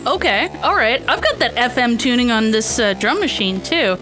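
A woman's voice: on the high side, very animated, normal speed, music in the background. A woman co-hosting a podcast, chatting casually, giggly and enthusiastic. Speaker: podcast co-host. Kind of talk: casual chat.

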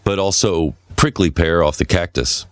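A man co-hosting a podcast, telling rambling, profane stories in a relaxed, casual way. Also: low-pitched, normal speed, no room sound, clean studio sound. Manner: relaxed rambling storyteller, swears freely. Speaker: podcast co-host. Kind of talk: casual chat, storytelling.

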